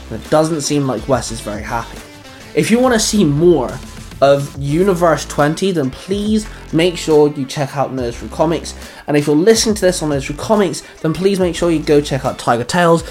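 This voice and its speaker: A man reading a fan fiction story aloud and hosting the channel, enthusiastic when recommending other creators. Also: a little high.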